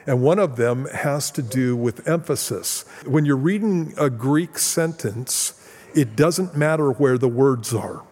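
A man's voice: medium pitch, expressive, measured pace, a little mellow. Male pastor preaching in an echoing hall. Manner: teaching Bible verses with plain casual asides. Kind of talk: sermon.

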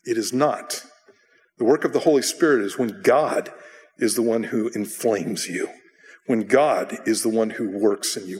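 A middle-aged man preaching a sermon as a pastor, conversational and self-deprecating, now and then bursting into acted shouts. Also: mid-range voice. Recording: long reverb of a large hall.

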